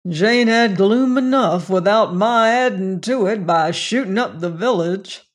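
A slow storybook narrator voicing a calm, cool male gunman with an understated delivery. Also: medium pitch, natural voice.

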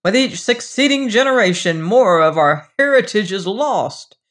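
A reader voicing a grumbling, mournful old man who talks gruffly and loudly. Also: mid-range voice, animated, normal speed, pitched above the performer's own voice, lightly acted.

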